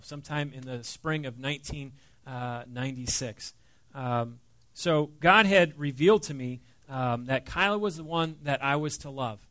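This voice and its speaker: A middle-aged pastor talks through his sermon in an earnest, conversational way, full of small fillers. His voice sits a bit high for a man. The sound is close and dry, with no room around it. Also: dry recording. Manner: conversational, earnest, with many fillers and soft dips. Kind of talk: sermon with personal story.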